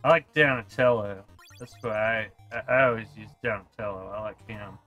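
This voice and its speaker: Buzzed guy streaming an old game, swears nonstop, sharp bright voice. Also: lowish voice, normal speed, faint music behind, rough recording. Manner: profane, rambling, yells at the game. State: tipsy from drinking. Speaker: streamer playing a retro video game. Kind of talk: casual live-stream commentary.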